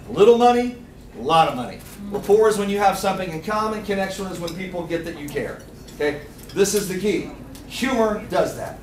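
High-voiced man giving a seminar talk. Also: a little hiss or hum. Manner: energetic, quizzes the crowd, acts out little scenes. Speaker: seminar speaker. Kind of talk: live seminar talk to an audience. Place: meeting room with audience. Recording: echoey room, picked up from a distance.

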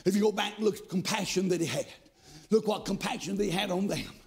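High, gravelly shouting preacher. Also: male voice, quick pace. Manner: shouting, sing-song cadence, repeated amens. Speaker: pastor. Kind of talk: fiery preaching sermon. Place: church sanctuary.

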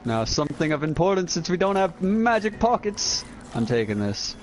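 Animated, joking young man gaming. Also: on the high side, normal speed, soft background music, rough recording. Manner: joking, laughing, swearing, animated. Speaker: streamer playing a game with friends. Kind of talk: casual gaming banter.

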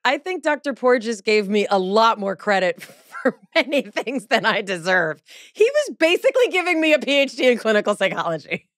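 A woman hosting a podcast, animated and jokey in casual chat. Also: fairly high pitch, no echo, studio quality. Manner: animated, jokey, quick to laugh. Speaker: podcast host.

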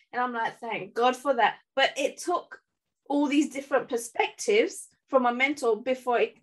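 A woman hosts a business podcast in a casual, chatty way. Her voice sits fairly high, and she retells her own stories, acting out what she said. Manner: chatty, quotes herself with "I'm like". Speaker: podcast host. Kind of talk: casual interview chat.

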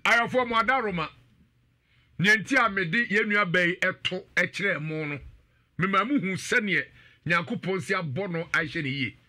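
High, bright-voiced radio host. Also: male voice, a little slow. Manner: animated, laughing, shouting out viewers. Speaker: radio and live-stream host. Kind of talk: lively presenter banter, reading live comments.

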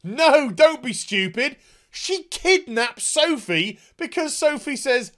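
A man's voice: extremely high pitch, sing-song, takes it slowly, bright, forceful tone. A man ranting in a video review, exasperated and sarcastic, swearing often. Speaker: TV show reviewer.

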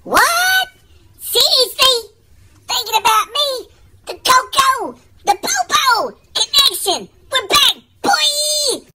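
A woman voicing an excitable male buddy in a comedy sketch, who keeps gasping in disbelief at every twist. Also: high voice, unhurried, very noisy, pitched above the performer's own voice. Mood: excited.

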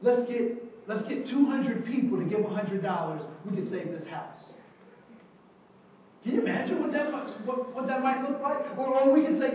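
A man's voice: extremely high pitch, normal speed, a little hiss or hum. A man leading a training session, telling a story to a group and acting out the lines of the people in it. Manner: animated storyteller, acts out the dialogue. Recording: echoey, distant, dull sound.

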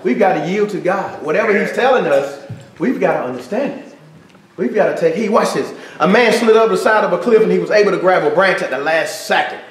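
A man preaching a sermon with emphatic call-and-response, often rising to a shout. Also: high voice, lively intonation, fast talker. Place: church sanctuary. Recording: echoey church with congregation. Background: congregation responding.

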